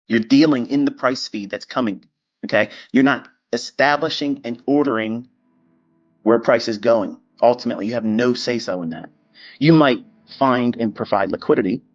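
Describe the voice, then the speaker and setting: A man's voice: mid-range voice, unhurried, dry recording, lo-fi sound. A man giving a blunt, lecture-style talk on trading, dismissive of critics, swearing and repeating himself. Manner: mimics critics in quoted asides. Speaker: trading educator.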